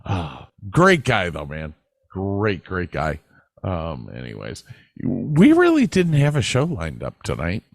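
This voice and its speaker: A man's voice: deep voice, wildly swooping pitch, slow, gravelly, dry recording, studio quality. A middle-aged man co-hosting a podcast, telling loose, rambling stories in a casual chat and swearing freely. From northern United States. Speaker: podcast co-host.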